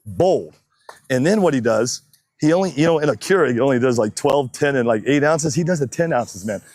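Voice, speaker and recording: A man's voice: mid-range voice, lively intonation, brisk, dry recording. Man, race announcer on a body mic, joking and chatty at an outdoor track, dry close sound, bit winded. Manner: joking, chatty, loud calls to the crowd. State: slightly out of breath. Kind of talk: casual live-stream commentary. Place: outdoor drag racing track. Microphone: wireless mic worn on body.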